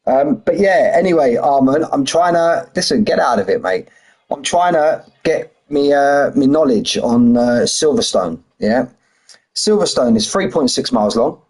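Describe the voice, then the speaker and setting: Middle-aged British man, husky voice, casual streamer banter. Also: mid-range voice, a little mellow, low-quality recording. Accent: British English. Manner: chatty, banters with chat, drops h's and says "mate". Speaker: sim racing streamer. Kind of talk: casual live-stream chat.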